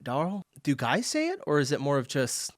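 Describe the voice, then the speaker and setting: A man's voice: fairly high pitch, a little fast. An American man comments on clips in a casual, joking way. His voice rises and falls a lot as he talks. The sound is dry and close, with no room echo. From United States. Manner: animated, laughing, joking asides. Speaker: reaction video host.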